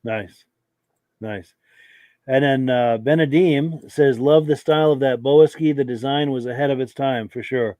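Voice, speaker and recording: Losing his voice to a cold and coughing now and then, a man hosts a live podcast and reads out viewer comments in easy conversation. His pitch is medium and his pace slightly slow. He sounds relaxed and talkative, using plenty of fillers, with no echo.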